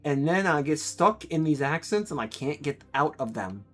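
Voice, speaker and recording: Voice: medium pitch, animated, moderate pace, a bit bright, soft background music. A speaker from the United States, rambling in casual chat while streaming a game and laughing often.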